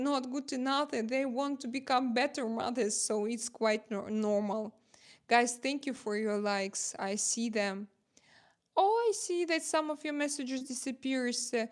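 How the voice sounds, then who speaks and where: Woman host chatting on a livestream, English. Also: a little high. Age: 40s. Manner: non-native English, many uhs and restarts, reads chat aloud. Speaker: livestream host and makeup artist. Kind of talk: casual livestream chat reading comments.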